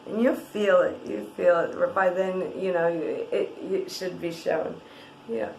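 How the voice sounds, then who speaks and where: Gentle rambling woman in an echoey room. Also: lowish voice, slow pace, vocal fry, a little hiss or hum. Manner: gentle, rambling, many fillers and restarts. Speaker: wellness guide. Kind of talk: guided tapping exercise.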